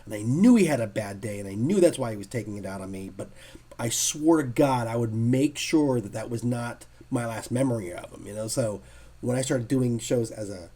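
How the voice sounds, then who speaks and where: A man, a comic artist being interviewed, telling stories in a casual, animated way and acting out what others said. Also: medium pitch, brisk, breathy edge. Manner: animated storyteller who acts out quotes.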